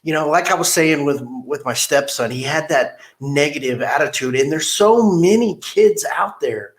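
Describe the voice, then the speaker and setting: A podcast host with a slightly high voice talks at a moderate pace in a casual interview chat, telling rambling, blunt stories.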